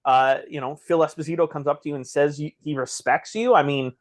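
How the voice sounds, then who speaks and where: Higher-voiced man, podcast co-host. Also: fairly even intonation, fairly quick, no echo, clean studio sound. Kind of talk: casual chat.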